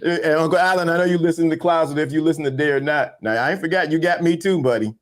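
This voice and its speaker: A man's voice: a little high, quick pace. A man, co-hosting a podcast and telling stories while he acts out the voices of the people in them. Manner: animated storyteller acting out voices. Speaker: podcast co-host. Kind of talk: casual storytelling chat.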